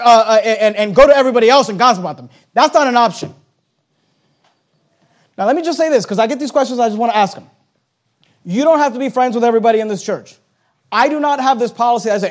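A pastor with a high, animated voice preaches a sermon, acting out dialogue and building emphasis. He throws in blunt, joking asides along the way.

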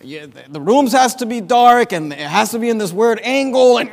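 A man preaching a sermon, swinging between loud, impassioned emphasis and quieter asides. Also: very high voice, expressive, normal speed, a crowd in the background. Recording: long reverb of a large hall.

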